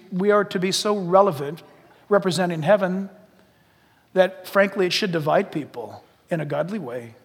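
A middle-aged male pastor preaching a sermon in a church. He is animated and humorous, with sudden hushed asides. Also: high-pitched. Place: church sanctuary. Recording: long reverb of a large hall.

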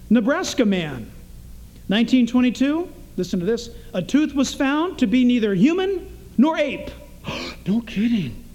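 A man's voice: very high voice, darkish tone. A man preaching a morning sermon, emphatic and sarcastic, firing off rhetorical questions at his congregation. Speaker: pastor.

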